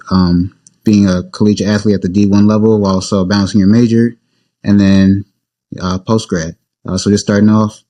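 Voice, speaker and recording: A man's voice: on the low side, dark tone. A male podcast host asking interview questions in a laid-back, hesitant way with many fillers.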